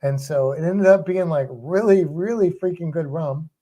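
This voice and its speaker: Man, livestream co-host, dark mellow tone, playful, casual chat. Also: a little high, normal speed. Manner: joking, playful.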